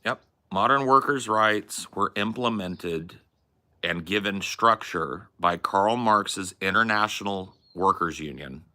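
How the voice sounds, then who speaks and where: Young male streamer, heated profane rant, tense bright tone. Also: fairly low pitch, takes it slowly. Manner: combative, mocking and profane. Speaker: stream host arguing with chat.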